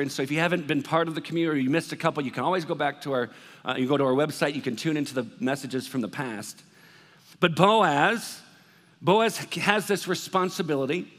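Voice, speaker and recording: A high-voiced man preaches to his congregation, chatty and animated, now and then slipping into worried voices. His voice rings through the long reverb of a big church hall. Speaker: pastor. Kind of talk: sermon.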